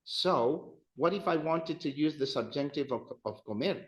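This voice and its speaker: A man's voice: a little high, lively intonation, normal speed. A man teaching an adult-education class, patiently walking students through conjugation drills and praising their answers. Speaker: Spanish teacher. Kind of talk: adult-education language lesson. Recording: roomy, dull classroom sound.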